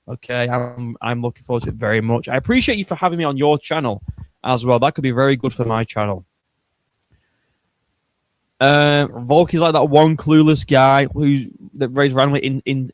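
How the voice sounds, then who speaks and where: A man's voice: medium pitch, no room sound. A man hosting a casual livestream, chatting in a joking, crude and rambling way. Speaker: streamer host.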